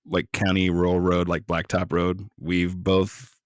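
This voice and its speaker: A man's voice: deep voice, a little slow, no room sound, studio quality. A man co-hosting a podcast in casual, joking talk, swearing freely. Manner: joking, profane, relaxed. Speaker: podcast co-host.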